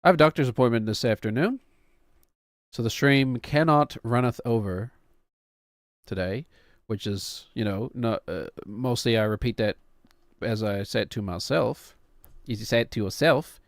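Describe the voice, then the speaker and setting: A man's voice: mid-range voice, moderate pace, no room sound, studio quality. A man in his thirties, a streamer who chats casually in a rambling, wry, self-mocking way. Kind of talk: casual chat.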